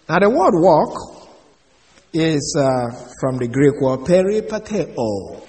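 A man giving an expository Bible lesson, measured and explaining Greek words one by one. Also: on the high side, big pitch swings, warm tone, long reverb tail. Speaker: Bible teacher.

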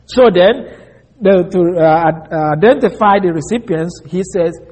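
A man preaching an expository sermon, reading scripture slowly and stressing key words. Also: high voice, darkish tone, slightly rough.

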